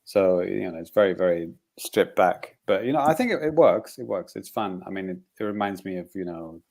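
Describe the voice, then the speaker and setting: A man's voice: deep voice, lively intonation, brisk, creaky, a little mellow. A man co-hosting a podcast, chatting casually in a rambling way with frequent chuckles and fillers. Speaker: podcast co-host. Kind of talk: casual chat.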